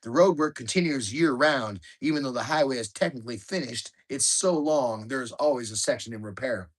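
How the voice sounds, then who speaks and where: A man reading his own memoir aloud in a calm, measured, matter-of-fact way. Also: mid-range voice. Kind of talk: audiobook memoir narration.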